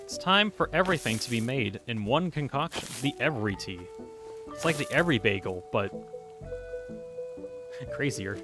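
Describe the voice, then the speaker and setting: A man's voice: medium pitch, animated, moderate pace, pauses often, over music. A man streaming a video game, chatting casually and rambling as he reacts to his chat. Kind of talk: casual gameplay commentary.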